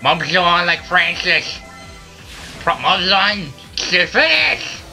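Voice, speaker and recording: A man playing a video game and commenting, ranting loudly at his teammates in a put-on silly voice. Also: high-pitched, sing-song, takes it slowly. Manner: loud, frustrated ranting at teammates. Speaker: let's play gamer. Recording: faint game music behind. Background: game music.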